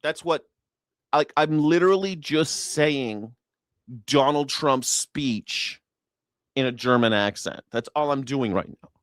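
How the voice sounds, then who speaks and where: A man hosts a news reaction show, and his commentary is sarcastic and mocking, often profane. His voice sits at an average pitch. The sound is dry and close to the mic. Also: slow pace, clear, resonant tone, no room sound. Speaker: host.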